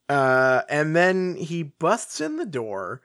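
A man co-hosting a casual book podcast, wry and rambling with deadpan humor. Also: on the high side, slow, dry recording, clean studio sound. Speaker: podcast co-host. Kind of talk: casual book-club chat.

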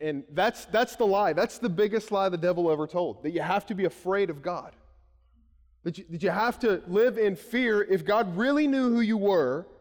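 A man's voice: sits high, long reverb tail. A male pastor in his thirties, preaching a conversational sermon full of anecdotes and restarts. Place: church sanctuary.

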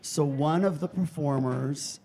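A man giving notes at a live comedy show, wry and measured. His voice is mellow and a touch high, and he tells his stories steadily in a club room.

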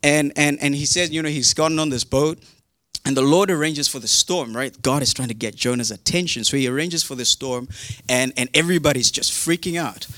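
A man's voice: on the high side, fairly quick, sharp tone, no room sound, studio quality. A man preaching a casual sermon, retelling a Bible story in a chatty, humorous way with modern slang.

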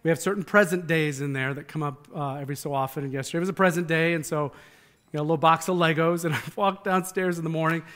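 A pastor with a notably high voice for a man delivers a conversational sermon. He speaks earnestly and with emphasis, doubling back on words as he reaches for the next phrase. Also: fairly even intonation, fast, a bit bright.

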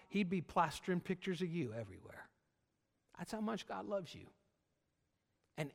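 A middle-aged man, a pastor, preaching a sermon at a church service, animated and emphatic with lots of repetition. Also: sits high, big-room sound.

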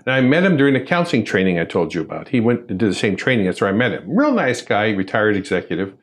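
A man from a church ministry telling a personal story in conversation, acting out what people said. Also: quick pace. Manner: animated, acts out quoted voices with big pitch jumps.

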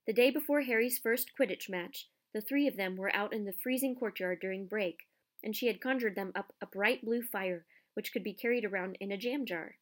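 A woman narrating a children's storybook in a measured, expressive reading. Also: mid-range voice. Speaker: audiobook narrator.

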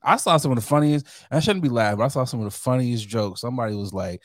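A man's voice: mid-range voice, rapid-fire, no echo. Guy on a podcast, joking around, dry close mic, acts out what people say. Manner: animated, joking, acts out quotes. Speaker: podcast co-host. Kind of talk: casual chat.

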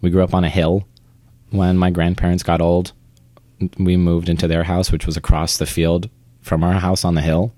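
A man's voice: deep voice, level tone, normal speed, warm tone, no room sound. A young man from Vermont who works in theater, talking casually in an interview, chatty and self-deprecating, often trailing off and restarting. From Vermont, United States. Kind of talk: conversational interview.

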